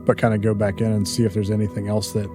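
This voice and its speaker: A man's voice: on the low side, little pitch movement, fast, over music. A man playing a tabletop game, talking hesitantly and casually. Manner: hesitant, casual, many fillers. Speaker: player.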